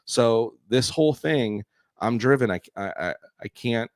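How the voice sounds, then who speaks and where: A man's voice: mid-range voice, lively intonation, unhurried, no echo. A man from California co-hosting a podcast in casual chat, rambling and self-correcting, with a slight crackle in his voice. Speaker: podcast co-host and artist.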